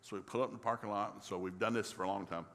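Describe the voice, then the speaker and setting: An older man, a pastor from the rural South, tells a family story in a folksy, animated sermon. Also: fairly low pitch, racing, creaky, big-room sound. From rural American South.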